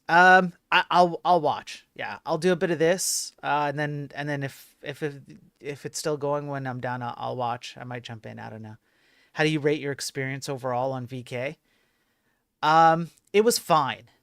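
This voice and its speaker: A man's voice: a little high, fairly bright tone, no echo, studio quality. A man hosting a casual coding livestream, chatting with viewers and restarting his sentences often. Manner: chatty, reads and answers chat, frequent restarts. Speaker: livestream host.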